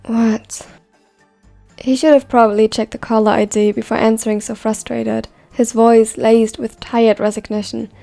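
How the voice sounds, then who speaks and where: A woman narrating a fan story in an even, measured reading voice. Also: on the high side, vocal fry, soft background music.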